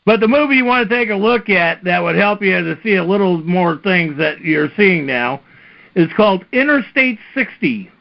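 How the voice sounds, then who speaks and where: A man's voice: high-pitched, animated, normal speed, gravelly. A man hosting a casual talk-radio chat, telling long rambling stories over a dull lo-fi stream. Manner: rambling storyteller. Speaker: host.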